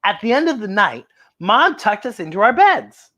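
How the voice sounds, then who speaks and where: Woman reading a picture book to kids, lively sing-song pitch, chatty asides. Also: normal speed. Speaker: children's story host.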